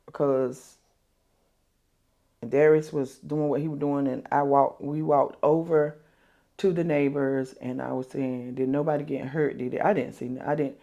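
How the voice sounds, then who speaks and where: An older woman, telling a painful family story in an interview, halting and repeating herself. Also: very deep voice, steady tone, warm tone, muffled recording. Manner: halting, repeats herself, quotes others aloud. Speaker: interview guest. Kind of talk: emotional interview.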